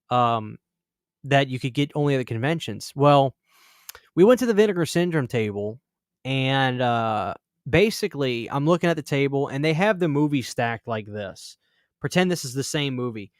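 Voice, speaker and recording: A man's voice: medium pitch, clean tone, no echo, studio quality. A young man hosting a horror channel, telling a rambling story in casual chat and acting out the voices of people he quotes. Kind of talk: casual storytelling to a live stream audience.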